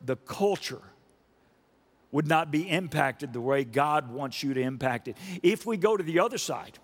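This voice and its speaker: A man preaching a sermon emphatically, asking the congregation questions and building up to loud repeated stresses. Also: on the high side, animated, normal speed. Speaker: pastor. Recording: long reverb of a large hall.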